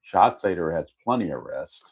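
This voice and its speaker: A man's voice: low voice, big pitch swings, normal speed, vocal fry, slightly rough, dull audio. A man narrating his tabletop baseball game replay in a casual play-by-play, methodically reading out dice rolls and chart results and correcting himself as he goes.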